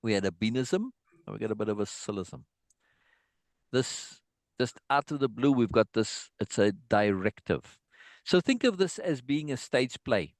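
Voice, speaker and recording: A man's voice: fairly low pitch, expressive, normal speed, no room sound. A man giving an informal online songwriting lesson, thinking aloud and checking in with his students with a frequent "right?". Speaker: songwriting teacher.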